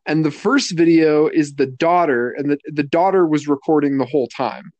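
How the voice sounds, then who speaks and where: A man's voice: on the high side, normal speed, darkish tone, dry recording. A man co-hosting a casual talk show, explaining carefully and stopping to clarify details. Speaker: podcast co-host. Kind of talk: casual commentary chat.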